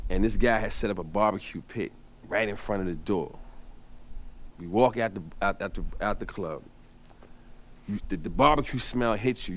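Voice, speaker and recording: A man telling a long story on stage, animated, with many restarts, jumping up in pitch when he mimics people. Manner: animated, repetitive restarts, jumps up in pitch for impressions. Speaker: stand-up comedian telling a story. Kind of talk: storytelling stand-up set.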